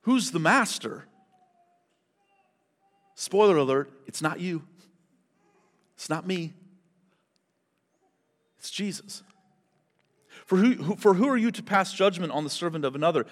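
Man preaching, lively and chatty, talks straight to the congregation, higher voice, echoing church hall. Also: a little slow, long pauses. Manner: animated, conversational preaching with asides to the congregation. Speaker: pastor. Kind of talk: sermon. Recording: long hall reverb.

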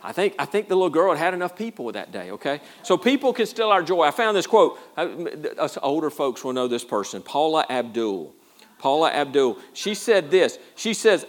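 A man's voice: on the high side, sing-song, moderate pace. A man preaching a sermon as pastor, in a folksy, self-deprecating way with a lot of repeated words. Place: church.

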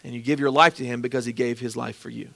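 A man preaching as a pastor, earnestly and gently pleading as he leads a closing prayer. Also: medium pitch, steady tone, fast, creaky.

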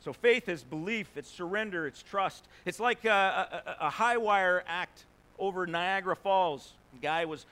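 A man with a notably high voice delivering a sermon. He preaches conversationally, asking the congregation rhetorical questions and briefly acting out the people in his stories. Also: measured pace, sharp tone. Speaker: pastor.

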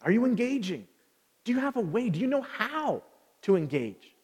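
A man's voice: high-pitched, big pitch swings, normal speed, darkish tone, breathy edge. A man preaching a sermon as pastor, talking conversationally and putting questions to the congregation. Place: church sanctuary. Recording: long reverb of a large hall.

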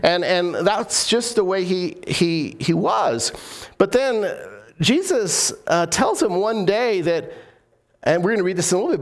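Chatty joking pastor, man. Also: sits high. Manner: casual, joking storyteller with many restarts. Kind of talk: sermon.

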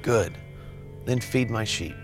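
An actor playing a calm, patient savior figure who speaks in measured phrases. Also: male voice, mid-range voice, lightly acted. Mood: gentle. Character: calm, gentle adult male savior figure. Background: soft guitar music.

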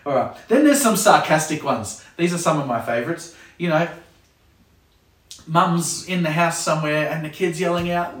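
A man's voice: on the high side, normal speed, a bit bright. A man who leads a kids club, chatting casually to camera with a jokey manner and acting out parents' sayings. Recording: roomy sound from a distant mic.

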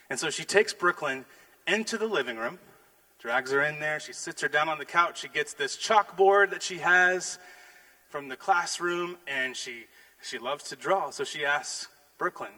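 A middle-aged man, a pastor, preaching a sermon and telling a family story with animated acted-out lines. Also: mid-range voice, moderate pace, low-quality recording. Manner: animated storytelling, acting out his daughters' lines.

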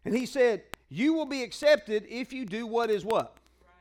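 A man's voice: very high voice, expressive, normal speed, a little mellow. A male pastor preaching a sermon in a conversational, call-and-response way, full of colloquial asides to the congregation.

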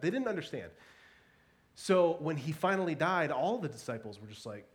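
A man giving a sermon in a conversational, animated way, with playful asides and frequent repeated words. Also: a little high, normal speed. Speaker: pastor.

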